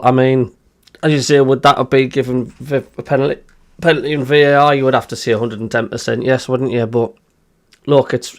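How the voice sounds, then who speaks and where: A man with a Sunderland accent hosting a casual football chat show, reading out live chat messages with plenty of fillers. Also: medium pitch. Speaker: podcast host reading listener messages.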